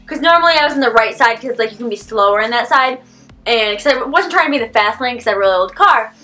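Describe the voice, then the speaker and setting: A teenage girl vlogger telling a story casually, rambling with lots of "like" and animated quoted reactions. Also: a little high, fast, soft background music. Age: teens. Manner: animated, rambling, heavy use of "like".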